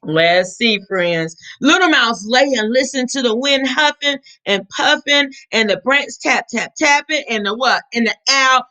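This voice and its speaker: A woman reading a children's storybook aloud, animated and often asking her young listeners questions. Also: high voice, unhurried, few pauses, rough recording.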